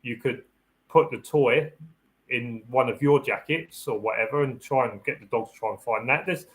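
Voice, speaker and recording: A security dog handler hosting a live Q&A gives practical, down-to-earth dog training advice in a loose, chatty live-stream style, at normal speed and mid pitch. He circles back on phrases and restarts sentences as he works out his point, raising his voice to act out the dog's thoughts. The recording is low quality.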